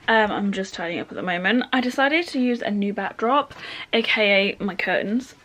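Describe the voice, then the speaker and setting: A young woman, chatting in an excitable, gushing way in a casual vlog. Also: fairly high pitch, moderate pace. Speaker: vlogger. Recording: faint background noise.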